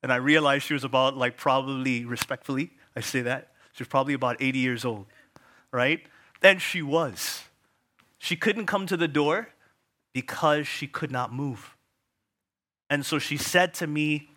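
A male pastor preaching a sermon, telling a personal story vividly and dropping to hushed tones for emphasis. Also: medium pitch, moderate pace.

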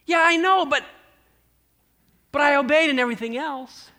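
A preacher voicing an eager young farmer's son who talks in a pleading, excited rush. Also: male voice, a little fast, smooth. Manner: pleading, excited, voice jumps high.

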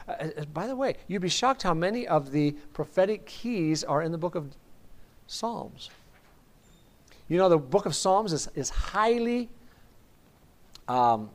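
A man teaching a Bible study in a chatty, enthusiastic sermon style, often asking his listeners questions. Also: on the high side.

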